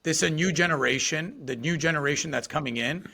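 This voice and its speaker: Guy w a bright forceful voice, says you know a lot, kinda high. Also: fast talker, gravelly. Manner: lots of fillers, "you know", "right?". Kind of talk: casual podcast chat.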